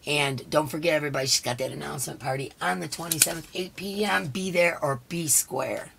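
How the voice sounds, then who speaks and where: A hoarse woman hosting a casual live stream. She chats along and greets each viewer by name. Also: deep voice, fairly quick, background noise. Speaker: livestream host.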